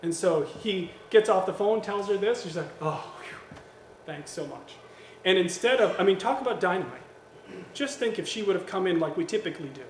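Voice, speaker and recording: A man preaching a sermon, lively and acting out quoted voices, with gentle humor. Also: sits high, fairly quick, slight background noise. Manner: animated, acts out quoted voices with jokes. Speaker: pastor. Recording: echoey church hall with faint ambience.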